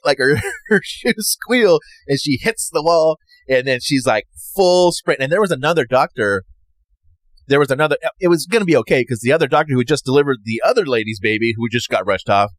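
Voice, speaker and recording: A man tells a personal story in a loose, rambling way, his pitch swinging widely as he acts out what other people said. The sound is dry and close, with no room around it. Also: animated, moderate pace, no room sound. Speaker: podcast host.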